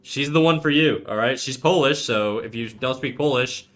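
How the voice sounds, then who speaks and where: This art livestreamer, a man in his thirties, reads chat aloud while drawing, casual and profane in his banter. He speaks at normal speed with a medium-pitched, slightly bright voice.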